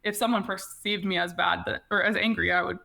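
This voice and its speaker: A woman's voice: lowish voice, steady tone, a little fast, gravelly, bright, forceful tone. A woman guest on a casual podcast interview, speaking reflectively with many "like" fillers and restarts.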